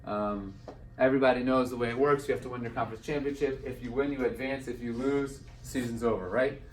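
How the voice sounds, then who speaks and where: A man's voice: medium pitch, fairly quick. A man speaking at an event, telling a personal story and slipping into the voices of the people in it. The room is echoey and he sits some distance from the microphone, so the sound feels open and roomy. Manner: animated storyteller acting out quoted dialogue. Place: event hall.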